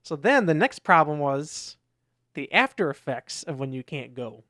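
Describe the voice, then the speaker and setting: A man's voice: on the high side, big pitch swings, a little slow, bright, forceful tone, no echo, studio quality. A man co-hosting a podcast, telling a rambling story in casual chat with lots of restarts. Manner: rambling storytelling with many restarts and acted quotes. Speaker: podcast co-host.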